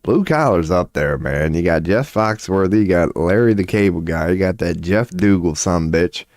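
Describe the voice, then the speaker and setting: A man with a deep, low voice rambles through a casual livestream rant. He is profane and excitable, and his voice sounds dry and close to the mic. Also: moderate pace, no room sound. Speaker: streamer offering tarot readings.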